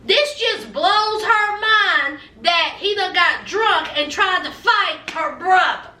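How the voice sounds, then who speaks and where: Woman, high bright voice, sassy TV-recap gossip, roomy far-off mic sound. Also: expressive, slow, a little hiss or hum. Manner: sassy, gossipy, acts out the cast's lines. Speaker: recap vlogger. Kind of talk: casual TV recap commentary. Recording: echoey room, mic at a distance.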